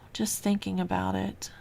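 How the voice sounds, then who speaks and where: A woman hosting a reflective spiritual podcast, talking in an unhurried, musing way with sighs and soft laughs. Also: mid-range voice, creaky, a little hiss or hum. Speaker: podcast host and spiritual teacher.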